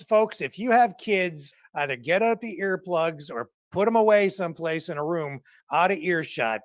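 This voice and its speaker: A man hosting a live call-in show, talking slowly with a dry, wry amusement. His voice is slightly high for a man. The sound is dry and close, with no room echo. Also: a bit bright. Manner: wry, amused, slow-paced. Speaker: news show host.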